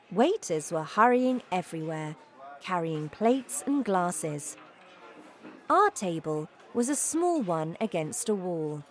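A woman reading a children's story aloud, slow and expressive. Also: lowish voice.

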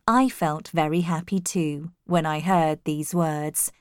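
A woman narrating a first-person story in a calm, measured reading voice. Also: low-pitched, clear, resonant tone, no echo, studio quality.

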